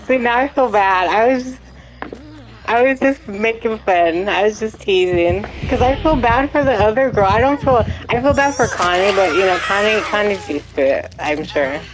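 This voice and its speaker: A woman's voice: mid-range voice, lively intonation, moderate pace, background noise. A young woman streaming a game, chatting casually, apologetic and giggly. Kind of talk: casual gameplay commentary.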